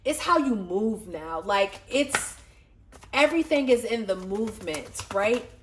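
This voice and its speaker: A woman giving a casual tarot reading to her viewers, excitable, swearing freely and laughing often. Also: medium pitch, a little slow, background noise. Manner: excitable, profane, talks straight to viewers. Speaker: tarot reader.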